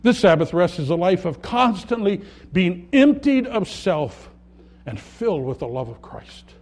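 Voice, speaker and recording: A man preaching a sermon, earnest, rising loud on key words and dropping soft at the ends of thoughts. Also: high-pitched, very animated, a little slow. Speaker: pastor.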